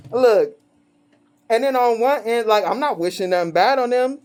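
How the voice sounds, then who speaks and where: A woman with a voice on the high side and a darkish tone gives a casual tarot reading. She's blunt and profane, gleefully mocking her subjects and laughing often between phrases.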